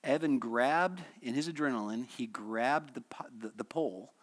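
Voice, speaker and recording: A man's voice: mid-range voice, normal speed. A man teaching a midweek church lesson in a conversational, storytelling way, asking the class questions and chuckling often. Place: church hall.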